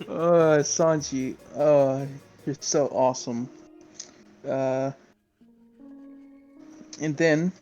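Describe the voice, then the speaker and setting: A man's voice: medium pitch, steady tone, slow, pauses often, darkish tone, dull audio, faint music behind. A man co-hosting a podcast, chatting casually as he recaps a comic chapter, rambling with many fillers. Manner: laughs often. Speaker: podcast co-host.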